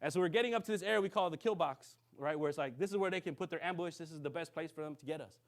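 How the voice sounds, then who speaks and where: A man preaching to a congregation. He tells a story with lively, acted-out dialogue and keeps checking in with his listeners. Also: on the high side, very fast. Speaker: minister. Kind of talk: sermon storytelling.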